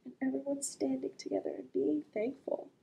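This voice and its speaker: A woman reading a picture book aloud to children as a librarian, gently asking the listener questions and drawing out the sound words. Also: sits high, fairly even intonation, fairly quick, gravelly, rough recording.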